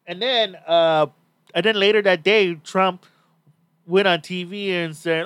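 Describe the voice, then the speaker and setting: A man's voice: sits high, fairly even intonation, a little slow, fairly bright tone, clear, resonant tone, no echo. A man hosting a podcast in casual chat, talking bluntly and swearing freely. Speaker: podcast host.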